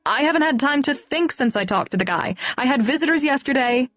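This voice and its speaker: A woman narrator voicing a tired, sharp-tongued young woman scientist who talks quickly and brusquely in an audiobook. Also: high voice, lively intonation, dry recording, voice pushed up. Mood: brisk.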